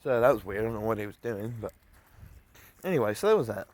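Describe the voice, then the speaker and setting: A man's voice: on the low side, animated, quick pace, a little mellow. A man casually telling a rambling story to the camera, with many fillers and restarts. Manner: rambling, filler-heavy retelling. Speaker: vlogger.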